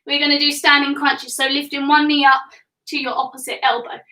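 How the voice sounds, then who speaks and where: A woman's voice: sits high, level tone, brisk, pushed and bright, reverberant, far from the mic, poor audio. A young woman coaching a live home workout for children, upbeat and encouraging as she counts reps and gets a little out of breath. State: getting out of breath. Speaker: kids fitness coach. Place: home room.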